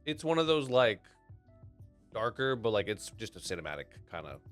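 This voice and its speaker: Male co-host, mid-pitched, very lively intonation, excitable, faint music. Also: normal speed. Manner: animated, excitable, jumps in often. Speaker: podcast co-host. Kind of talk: casual chat.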